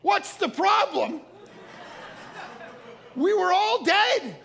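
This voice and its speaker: A man voicing a frantic father who is desperately searching for his wife, pleading in a high, strained voice. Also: wildly swooping pitch, moderate pace, gravelly, bright, forceful tone, a faint crowd, heavily acted. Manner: panicked, high-pitched pleading.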